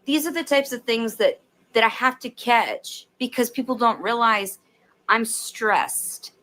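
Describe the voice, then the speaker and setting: A stressed woman talking straight to camera, her voice bright and slightly high, swearing constantly as she unloads on her audience. Her rant is blunt and heated. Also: unhurried. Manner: swears heavily, ranting at viewers. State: stressed and angry. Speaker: vlogger filming herself. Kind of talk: profane venting vlog.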